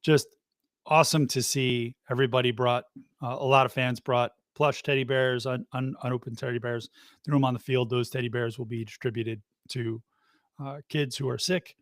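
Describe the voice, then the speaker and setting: A man co-hosting a live podcast, relaxed and chatty, giving shout-outs. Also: medium pitch, normal speed, no echo, studio quality. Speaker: podcast co-host. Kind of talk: casual live podcast talk.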